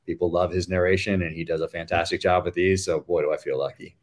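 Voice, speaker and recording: Deep-voiced man telling stories. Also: fairly even intonation, fast. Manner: rambling storytelling with many fillers. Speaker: author guest. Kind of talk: casual podcast interview.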